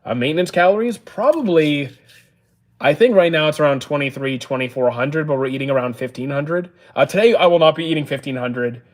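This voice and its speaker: A man's voice: fairly high pitch, a little fast. A man streaming live, reading viewers' questions aloud and answering them plainly, with frequent "uh"s. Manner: reads chat questions aloud, answers matter-of-factly with many "uh"s.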